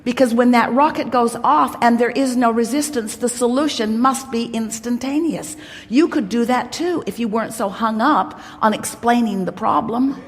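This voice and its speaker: A woman's voice: a little high, normal speed. A woman giving an inspirational workshop talk to a crowd, emphatic and playful, speaking as "we". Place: large hall. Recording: long hall reverb.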